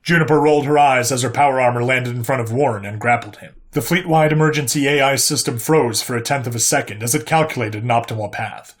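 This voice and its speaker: A man narrates a sci-fi story as an audiobook at an ordinary mid pitch. His storytelling is steady and plain. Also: fast, few pauses.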